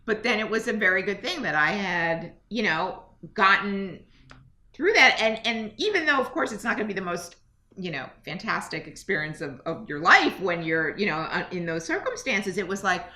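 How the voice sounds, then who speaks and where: A woman's voice: medium pitch, very animated, moderate pace, sharp tone. A woman co-hosting a podcast, talking in a candid, self-mocking way with many fillers and restarts. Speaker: podcast co-host. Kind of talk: candid casual chat. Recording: roomy echo.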